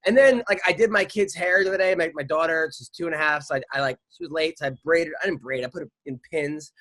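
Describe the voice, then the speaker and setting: A man's voice: a little high, quick pace, sharp tone. A middle-aged man hosting a podcast, telling a rambling story in casual chat, stammering, restarting and swearing freely. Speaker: podcast host.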